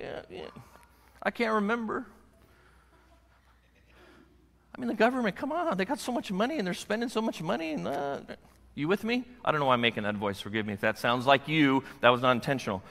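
Older man preaching in a hall. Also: on the high side. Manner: animated, acts out voices of kids and wife. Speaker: pastor. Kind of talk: sermon. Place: church sanctuary.

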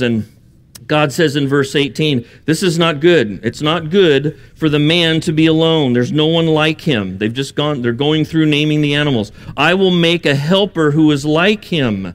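A man preaching a sermon, earnest and building to emphatic bursts, with joking asides. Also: a little high. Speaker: pastor.

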